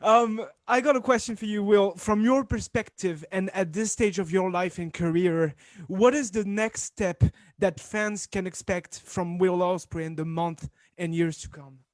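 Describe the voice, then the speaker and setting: A man's voice: high voice, steady tone, a little slow, no room sound. A man with a French accent asking an admiring interview question, with hesitant fillers. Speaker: press call journalist.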